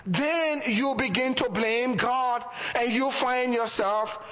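A man's voice: extremely high pitch, slow pace, fairly bright tone, long reverb tail, rough recording. A man preaching a sermon as pastor, asking the congregation rhetorical questions and chuckling between points.

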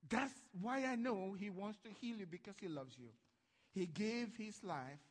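A male pastor preaching a sermon, swinging from hushed lines to loud ones and acting out voices from Bible stories. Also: sits high, normal speed, big-room sound.

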